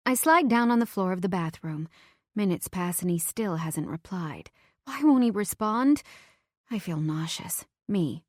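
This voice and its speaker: A woman's voice: lowish voice, expressive, a little slow, no echo. Dry, close emotive female audiobook narrator. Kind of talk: first-person audiobook narration.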